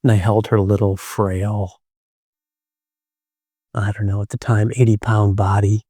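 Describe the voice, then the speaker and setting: Gentle middle-aged man telling a story. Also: on the low side, level tone, no room sound, studio quality. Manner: gentle, unhurried, with thoughtful pauses. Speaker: storyteller and podcast co-host. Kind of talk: reflective personal storytelling.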